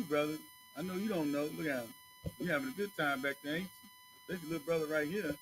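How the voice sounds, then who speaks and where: A man's voice: on the high side, wildly swooping pitch, brisk, a bit bright, a little hiss or hum, poor audio. A man teaching scripture in a loose, conversational way, often checking that his listeners follow him and calling them brother. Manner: conversational, keeps asking "you know what I'm saying", calls listeners brother. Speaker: teacher at a religious school. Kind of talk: casual preaching to a small group.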